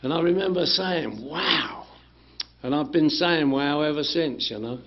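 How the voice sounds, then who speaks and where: High-voiced Englishman telling a recovery story. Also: a little slow, vocal fry. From England. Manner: animated storytelling, acting out dialogue, swearing, laughing. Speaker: recovery meeting speaker. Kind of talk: personal recovery story told to a group. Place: community meeting room. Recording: dull lo-fi room recording.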